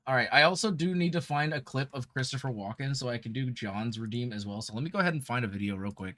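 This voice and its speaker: A man's voice: mid-range voice, fast talker, bright, forceful tone, dry recording, clean studio sound. A man streaming live, chatting casually and reacting aloud with laughter.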